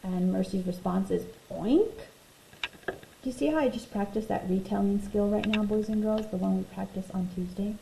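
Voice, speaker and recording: Female teacher, read-aloud lesson for kids, expressive, gravelly warm tone, roomy echo, faint hiss. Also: medium pitch, a little fast. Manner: expressive, talks to young pupils between read passages. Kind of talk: reading a picture book aloud to children. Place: home room, virtual class recording.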